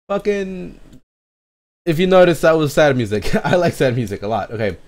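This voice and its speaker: A man's voice: on the high side, normal speed. Rambling young man, swears and laughs a lot. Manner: excitable and rambling, swears a lot, laughs often, jumps between tangents. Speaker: streamer reacting to a music EP. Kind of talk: rambling casual live stream chat. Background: faint music playing.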